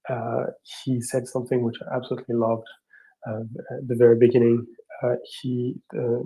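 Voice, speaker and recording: A man hosting a casual live audio chat, speaking English as a second language in a rambling, halting, self-deprecating way. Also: medium pitch, dark tone, rough recording. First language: not English. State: tired, up at four in the morning. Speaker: host.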